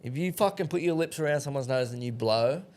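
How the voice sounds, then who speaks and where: A man's voice: fairly high pitch, lively intonation, fairly quick, a little mellow. A man co-hosting a podcast, cracking crude jokes and swearing freely. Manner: profane, joking, laughs often. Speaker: podcast co-host. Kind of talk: crude casual banter.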